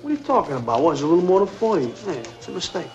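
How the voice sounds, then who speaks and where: An actor playing a reckless young male street hustler, rambling fast through excuses in 1970s film dialogue. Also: on the high side, very animated. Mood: pleading. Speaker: film character. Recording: dull 1970s film soundtrack with faint music.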